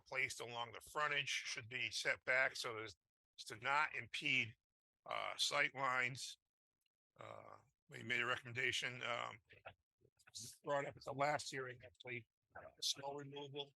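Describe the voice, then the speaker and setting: A man's voice: medium pitch, vocal fry, bright, forceful tone, no room sound, rough recording. A man presenting a traffic study at a public board meeting, hesitant and full of fillers, and losing his voice. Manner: halting, many fillers and restarts.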